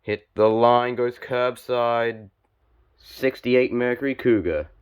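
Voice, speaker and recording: A young man giving play-by-play commentary on a toy car joust, calm and measured with sudden excited spikes on big hits. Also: medium pitch, slight background noise.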